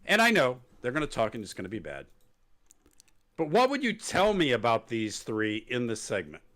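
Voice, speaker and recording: A man hosting a wrestling podcast, talking casually and sarcastically. His pitch swings widely as he mocks promos in put-on voices. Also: huge pitch swings, normal speed, fairly bright tone. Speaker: podcast host. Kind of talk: casual wrestling recap chat.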